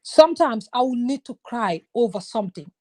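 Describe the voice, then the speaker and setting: Woman, thirties, animated, casual conversation, slightly high voice. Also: moderate pace. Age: 30s. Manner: animated, switches into Wolof phrases.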